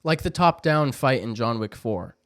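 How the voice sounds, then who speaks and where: A young man co-hosting a podcast, chatting casually and playfully, with quick laughs. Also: mid-range voice, animated, fairly bright tone, no room sound. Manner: playful, hums tunes and mimics voices, laughs often. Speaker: podcast co-host. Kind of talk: casual chat.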